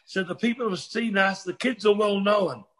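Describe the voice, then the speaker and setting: High-voiced older New man. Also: normal speed, a bit bright. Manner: rambling, restarts, swears freely. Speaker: guest storyteller. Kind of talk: casual storytelling chat.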